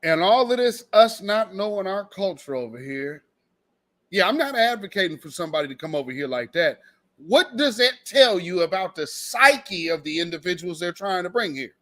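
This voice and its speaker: A man with a very high voice delivers casual commentary as host. He talks bluntly and with lots of animation, swearing freely. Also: animated, normal speed, fairly bright tone.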